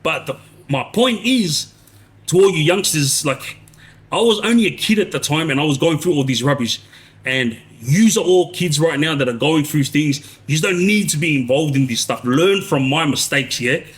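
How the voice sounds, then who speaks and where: A man in his 40s, a live streamer, tells a long story about prison life on a casual stream. His voice is on the high side and animated, at a moderate pace. He rambles, restarts sentences and keeps tagging them with "yeah?".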